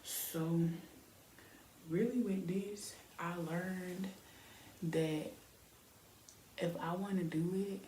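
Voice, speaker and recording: A young woman chats in a rambling, easygoing way, full of fillers, while styling her hair for the camera. Her voice sits a little low and sounds mellow. The room around her is echoey with a faint hiss behind it. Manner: chatty, rambling, lots of fillers. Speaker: beauty vlogger.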